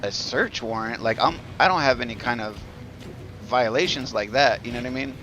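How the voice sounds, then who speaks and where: A man's voice: medium pitch, a little fast, bright, forceful tone, highs cut off, slight background noise. A man casually telling a long story while live-streaming a game, rambling with lots of fillers, restarts and swearing.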